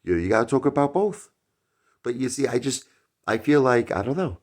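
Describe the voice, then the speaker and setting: A middle-aged man hosting his own channel, talking casually in a rhetorical opinion monologue that swings from loud outbursts to muttered asides. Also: mid-range voice, a little fast. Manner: animated, rhetorical, jumps between loud and mumbled asides. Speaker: YouTube channel host.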